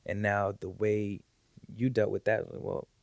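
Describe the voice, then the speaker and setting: Podcast guest, male, low gravelly voice, flat delivery, earnest and reflective. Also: measured pace, no echo. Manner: earnest and reflective, repeats words as he gathers thoughts. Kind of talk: casual heartfelt conversation.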